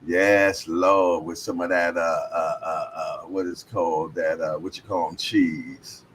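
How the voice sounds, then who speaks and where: A man's voice: low voice, level tone, measured pace, a bit bright, slight background noise. A man hosting a livestream, chatting casually and reading viewer comments aloud with a laid-back, slangy manner. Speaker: livestream host.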